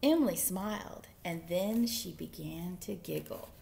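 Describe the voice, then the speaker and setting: A woman's voice: on the low side, measured pace, creaky. Playful woman reading a children's story. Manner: animated, playful, whispering asides. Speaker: children's librarian. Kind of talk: story time read-aloud.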